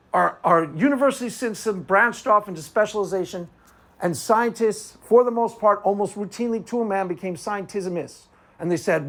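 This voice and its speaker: An apologetics commentator, a man with a high-pitched, fairly bright voice, delivers a combative, sarcastic argumentative monologue on philosophy. He often asks himself "why?" and then answers it.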